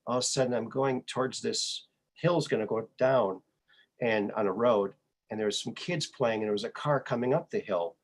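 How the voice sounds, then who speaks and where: Hosting his podcast, a man with a mid-range voice talks at a normal speed through personal anecdotes. He's a lively, casual storyteller who gives voice to each person he quotes.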